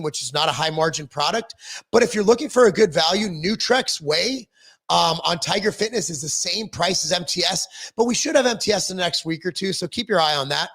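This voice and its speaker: A middle-aged man talks casually on a livestream, answering viewer comments as he goes. His voice sits high for a man. He rambles, pokes fun at himself and fills pauses with ums and false starts. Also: fairly bright tone. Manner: rambling, self-deprecating, frequent ums and restarts.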